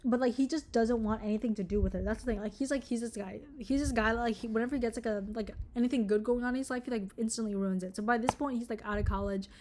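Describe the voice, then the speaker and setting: In a casual vlog, a young woman reviews a book, reading passages aloud while ranting sarcastically and swearing freely. Her slightly high, darkish voice comes fast with few pauses, over a little hiss or hum.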